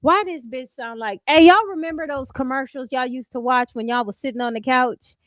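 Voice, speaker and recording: Woman host, high voice, sassy and animated commentary, dry close sound. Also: brisk, no echo. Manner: sassy, animated, laughs often, mimics others in quotes. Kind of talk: casual reaction commentary.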